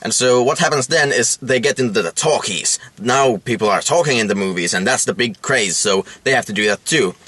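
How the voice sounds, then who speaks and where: A man co-hosting a casual chat about a film, talking in a rambling, halting way with many restarts. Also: medium pitch, animated, fairly bright tone, breathy edge, dry recording. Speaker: podcast co-host.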